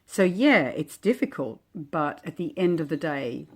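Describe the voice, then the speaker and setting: Woman kinda low voice, chatting gently thru her oracle cards, reflective and easygoing. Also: sing-song, unhurried. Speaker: oracle deck creator. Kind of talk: casual walk-through of oracle cards.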